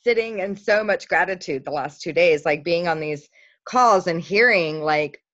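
A woman's voice: lowish voice, normal speed, no echo. Grateful woman on a muffled line. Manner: grateful, earnest, soft trailing ends. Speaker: caller on a team call. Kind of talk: casual chat.

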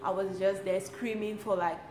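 A young woman, telling a personal story to her vlog audience in a lively, expressive way and laughing often. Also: medium pitch, moderate pace. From Cameroon. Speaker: lifestyle vlogger. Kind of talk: casual storytelling to camera. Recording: roomy with faint ambient noise.

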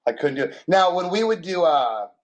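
A man's voice: high voice, very animated, moderate pace, muffled recording. A man co-hosting a podcast, telling crude stories in casual chat, swearing freely and laughing often. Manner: crude, joking storyteller who swears a lot and laughs often. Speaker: podcast co-host.

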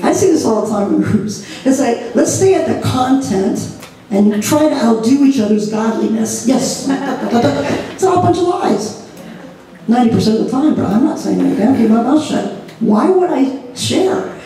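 A woman leading a church training session, lively and laughing as she acts out examples. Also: fairly high pitch, moderate pace. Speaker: ministry group leader trainer. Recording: echoey room, mic far off.

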